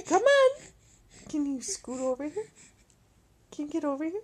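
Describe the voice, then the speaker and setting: A woman's voice: sits high, big pitch swings, moderate pace, long pauses, darkish tone. A mother playfully coaxing and teasing her baby in sing-song baby talk, with frequent laughter, filmed at home on a handheld camcorder.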